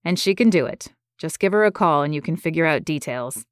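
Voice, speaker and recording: A woman's voice: deep voice, animated, a little fast, no room sound, clean studio sound. A woman voicing a wry laid-back man. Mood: easygoing. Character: laid-back adult male lawyer, wry.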